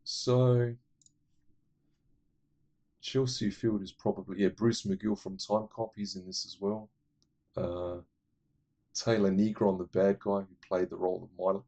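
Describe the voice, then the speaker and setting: Gravelly man rambling about movies. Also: low voice, fairly even intonation, unhurried, pauses often, warm tone. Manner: rambling, enthusiastic, many fillers. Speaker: movie reviewer. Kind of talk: casual movie recommendations.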